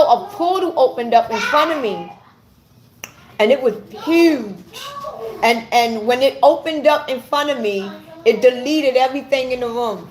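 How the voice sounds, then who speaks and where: Earnest woman recounting a vision haltingly. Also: sits high, expressive, background noise. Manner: halting, repeats words as she searches for them; earnest and intense. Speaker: vlogger. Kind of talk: personal testimony.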